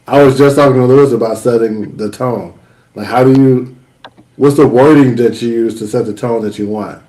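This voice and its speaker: A man's voice: medium pitch, normal speed, mellow, echoey room, rough recording. A man on a panel speaking loosely with repeated starts, over a video call. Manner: repetitive starts, loose colloquial talk. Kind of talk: casual panel chat.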